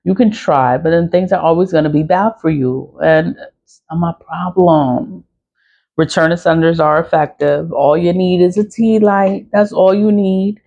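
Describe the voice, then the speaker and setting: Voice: medium pitch, steady tone, moderate pace, a little mellow. A spiritual practitioner talking in a casual monologue, rambling and repeating themselves, laughing often and swearing freely, on a slightly muffled recording.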